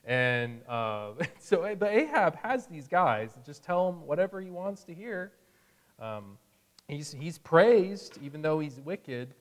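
A man's voice: on the high side, big pitch swings, takes it slowly, big-room sound. A man teaching a Bible sermon in a conversational way, acting out the people he quotes with a chuckle now and then. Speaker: preacher.

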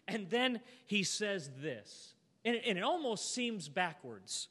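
A man preaching a sermon to a church congregation, earnest and heartfelt, ending in a gentle invitation. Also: sits high, sing-song, moderate pace, few pauses. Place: church auditorium. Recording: long hall reverb.

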